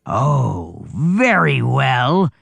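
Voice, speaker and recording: A storybook reader voicing a hungry, greedy male troll who guards a bridge, dropping lower and gloating. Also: big pitch swings, extremely slow, vocal fry, fairly bright tone, husky, no room sound, full character voice. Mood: menacing.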